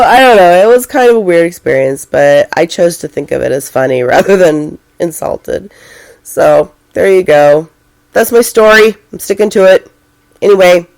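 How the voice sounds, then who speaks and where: A woman's voice: fairly low pitch, vocal fry, dry recording. A middle-aged woman chatting casually to the camera in a vlog, rambling and full of fillers, often poking fun at herself. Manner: rambling, filler-heavy, self-deprecating. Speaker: vlogger.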